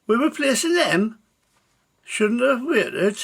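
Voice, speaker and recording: A man's voice: very high-pitched, very animated, slow pace, creaky, fairly bright tone, husky, pitched above the performer's own voice, exaggerated voice. A man voicing a nervous young soldier. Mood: worried.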